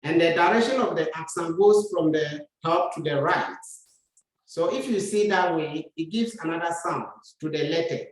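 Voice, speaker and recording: A woman teaching a lesson, speaking slowly and patiently and repeating words for her learners to practice. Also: lowish voice. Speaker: French teacher. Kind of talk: classroom lesson. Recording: very echoey room, far from mic.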